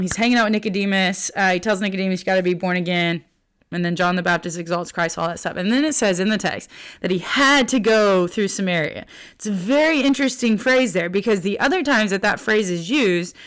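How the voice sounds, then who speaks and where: A woman's voice: mid-range voice, a bit bright. A young woman teaching a Bible lesson in a casual, chatty way, with many fillers as she retells the story.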